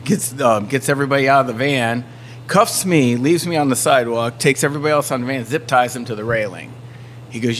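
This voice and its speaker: A man telling a story in a casual chat, acting out shouted quotes as he goes. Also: mid-range voice, brisk. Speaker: band member. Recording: faint background noise.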